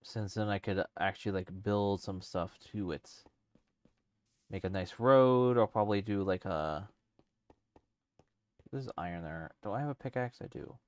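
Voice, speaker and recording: A man's voice: sits low, dry recording. A man streaming a let's play, rambling casually as he thinks aloud with lots of fillers. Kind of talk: casual let's-play commentary while gaming.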